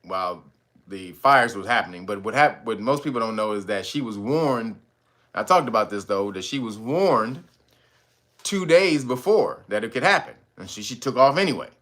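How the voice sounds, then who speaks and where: A man's voice: on the low side, moderate pace. A man in his thirties hosting casual commentary, profane and laughing as he talks. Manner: laughing, profane, animated storytelling. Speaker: host.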